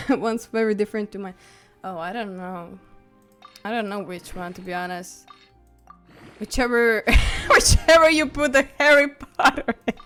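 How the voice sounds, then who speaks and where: A giggly woman chats casually with her viewers while she plays a video game, breaking into excited squeals now and then. English is not her first language, and her voice sits at an ordinary middle pitch. Soft game music plays behind her. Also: clear, resonant tone. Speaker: live streamer. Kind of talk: casual gaming stream chat. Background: faint game music.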